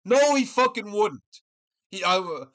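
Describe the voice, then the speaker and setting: A man's voice: high voice, big pitch swings, takes it slowly, fairly bright tone. A man hosting his own channel, ranting angrily and swearing constantly in a heated commentary vlog from his room at home. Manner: angry, profane, heated ranting. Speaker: MMA commentator, channel host.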